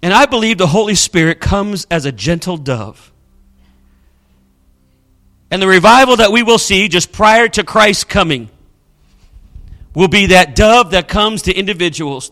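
A middle-aged man preaching a sermon in a high, bright voice. He delivers it with emphatic, storytelling force. His pitch sits well above most men's, with a sharp, forceful edge. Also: moderate pace. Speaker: pastor.

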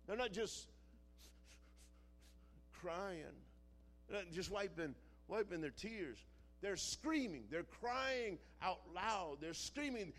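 A man preaching a sermon, moving from quiet storytelling to shouted, dramatic passages. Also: high voice, lively intonation, slow, long pauses, faint music behind.

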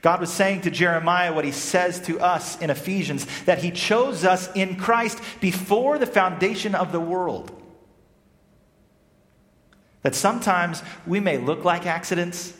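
A man from South Africa preaching a sermon, animated, swinging between loud emphasis and hushed, quiet phrases. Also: high-pitched, normal speed, few pauses. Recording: echoey hall with long reverb.

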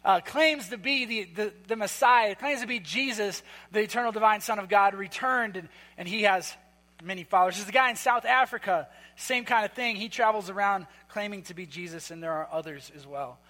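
A man preaching a sermon in a church hall, conversational and emphatic, with quick asides. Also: high-pitched, sharp tone. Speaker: pastor.

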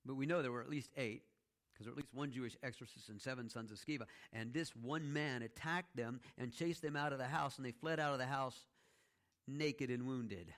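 A man delivers a sermon in a loose, conversational way, as if teaching a small group rather than orating. He keeps asking "okay?" and "all right?" to pull listeners along. He drops playful asides into the story, with a voice sitting at a typical middle pitch. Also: a little fast, fairly bright tone. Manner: conversational teaching with frequent "okay?" check-ins. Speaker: pastor.

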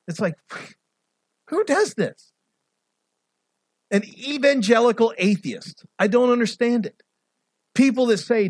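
Animated preacher man, dry sound. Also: high-pitched, measured pace, dry recording. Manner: animated, swings from loud to quiet. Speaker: pastor. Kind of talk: sermon.

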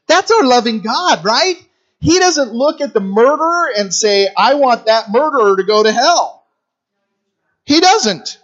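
A man's voice: extremely high pitch, lively intonation, measured pace, fairly bright tone, lo-fi sound. A middle-aged man preaching a sermon in a conversational, storytelling way, repeating phrases for emphasis. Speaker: guest preacher for a youth ministry.

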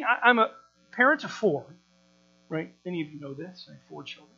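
A man in his thirties preaching a sermon, animated, repeating words and asking rhetorical questions. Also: high-pitched, brisk. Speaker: pastor. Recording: dull lo-fi sound with mains hum.

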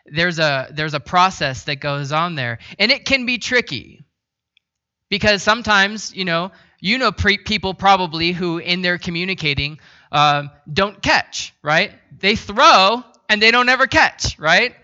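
A male pastor preaching in a loose, chatty storytelling style, poking fun at himself along the way. His voice is very bright and sits fairly high, and the recording sounds a little dull. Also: lively intonation, a little slow. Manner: conversational storytelling, self-deprecating. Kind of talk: sermon.

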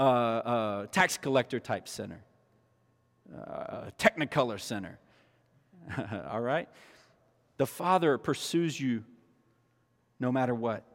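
Man preaching in an echoing hall. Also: medium pitch. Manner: animated, emphatic preaching with restarts. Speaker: pastor. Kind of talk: sermon. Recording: long reverb of a large hall.

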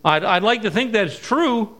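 A middle-aged man preaching at a missions conference, telling stories and stressing key words slowly. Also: high voice, lively intonation, bright, forceful tone. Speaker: missionary speaker. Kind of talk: sermon with storytelling.

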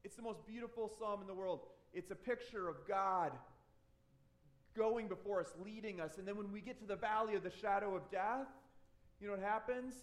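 High-voiced earnest preacher man. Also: normal speed. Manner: earnest, conversational preaching with restarts. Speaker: pastor. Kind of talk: sermon.

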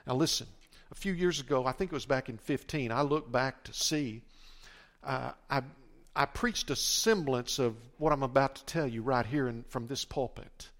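A man's voice: mid-range voice, moderate pace, a bit bright. An older man preaching a sermon as the pastor, emphatic and often repeating and restarting his words.

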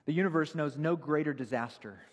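A man's voice: a little high, brisk, long reverb tail. A man preaching a sermon, earnest and emphatic, citing Bible verses as he explains them. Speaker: pastor.

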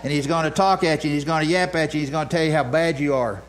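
A man's voice: on the high side, fairly even intonation, fast, a little hiss or hum. A man preaching a sermon in a plain, conversational way, repeating his phrases to drive points home. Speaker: pastor.

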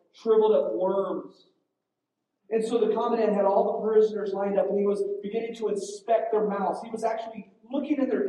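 A man's voice: sits high, mellow, distant mic. Man preaching in an echoey hall. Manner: earnest storytelling with frequent restarts. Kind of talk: sermon storytelling.

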